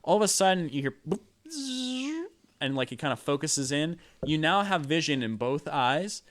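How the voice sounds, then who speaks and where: A man's voice: on the high side, sing-song, normal speed, a bit bright. A man narrating as game master of a tabletop game, rambling with lots of fillers.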